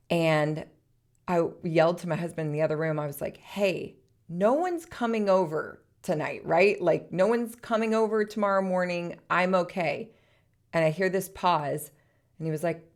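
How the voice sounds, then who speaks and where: A woman hosting a podcast, telling a personal story in a chatty way and laughing often. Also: low-pitched. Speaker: podcast host.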